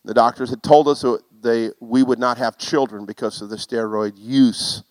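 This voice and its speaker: A middle-aged man preaching a sermon through a personal story, animated and self-mocking, building to loud exclamations. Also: mid-range voice, normal speed, no echo, low-quality recording.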